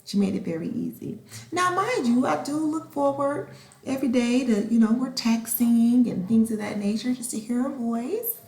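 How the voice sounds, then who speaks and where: A woman hosting a podcast in a casual, expressive monologue. She acts out conversations and sometimes slips into a whisper. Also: on the high side, normal speed. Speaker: podcast host. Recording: roomy echo.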